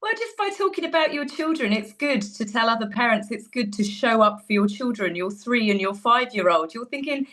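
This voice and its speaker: Skeptical woman commentator, higher voice. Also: expressive, a little fast, few pauses, a bit bright. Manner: skeptical, sarcastic, acts out quotes. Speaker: guest commentator. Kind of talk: opinionated commentary.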